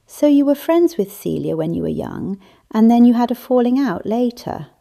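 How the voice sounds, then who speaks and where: A woman's voice: fairly high pitch, animated, moderate pace, vocal fry, mellow, voice pushed up. A woman voicing a polite, curious young woman sleuth who asks tentative questions in an audiobook. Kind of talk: audiobook character voice.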